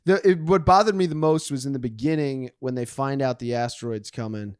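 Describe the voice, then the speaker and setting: A man's voice: medium pitch, a little fast, darkish tone, clean tone, no echo, clean studio sound. A man cohosting a comedy podcast, chatting casually with short reactions. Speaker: podcast co-host.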